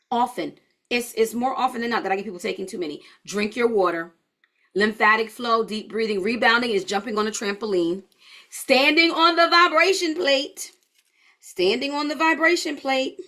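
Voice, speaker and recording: Tired woman coach, higher pitch, casual live-class banter. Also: gravelly, fairly bright tone. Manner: chatty and informal, addressing viewers as y'all. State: tired, yawning. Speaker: holistic health coach. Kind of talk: live online class, casual talk to viewers.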